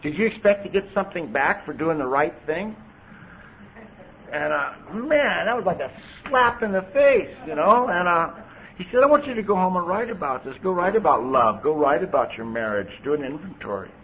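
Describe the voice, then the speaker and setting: A man's voice: fairly high pitch, lively intonation, moderate pace, a little hiss or hum. A middle-aged man from California telling his recovery story at a meeting, candid and conversational, full of "you know". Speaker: AA speaker. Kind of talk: recovery testimony. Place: convention hall podium. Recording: tinny lo-fi tape recording.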